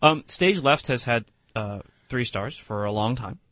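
A man co-hosting a radio talk show, talking in a chatty, animated way with frequent restarts. His voice sits in the middle of the range. It is recorded close and dry, with a dull lo-fi tone. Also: mid-range voice, measured pace, no echo.

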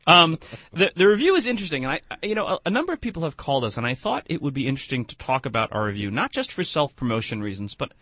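A man co-hosting a casual radio talk show about restaurants, chatty and animated, with many restarts. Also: fairly high pitch, rapid-fire, dry recording, highs cut off.

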